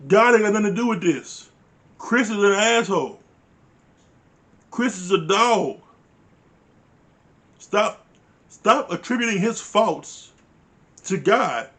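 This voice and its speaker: High-voiced man ranting bluntly. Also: fairly bright tone. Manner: blunt, profane, exasperated ranting; uses informal dialect grammar. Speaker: reality TV reviewer. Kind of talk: casual recap commentary.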